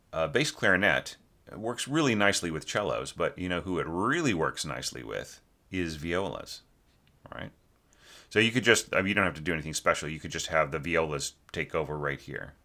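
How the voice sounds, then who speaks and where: A man with a very low voice and a bright, forceful tone gives a critique of a student's orchestral score. His delivery is loose and conversational, full of restarts and tag questions like "right?". He sometimes hums a short melodic line to show what he means. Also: lively intonation, normal speed. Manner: rambling and conversational, keeps asking "right?". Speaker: orchestration teacher.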